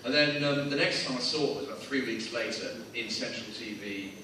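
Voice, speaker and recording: A man's voice: medium pitch, brisk, far from the mic, noisy background. An English man on a convention panel, telling a comic anecdote on stage with restarts, fillers and quoted voices. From England. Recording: echoey hall, mic from afar, loud audience.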